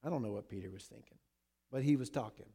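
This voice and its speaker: A man preaching a sermon who swings between loud emphasis and hushed, repeated words. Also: medium pitch, fast, slightly rough. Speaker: pastor.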